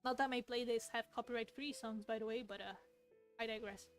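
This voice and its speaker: Young adult woman, high and unhurried, rambling casual chat while drawing, faint music underneath. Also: fairly even intonation. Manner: rambling, self-interrupting, laughs often. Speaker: artist streaming while drawing. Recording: faint music playing behind.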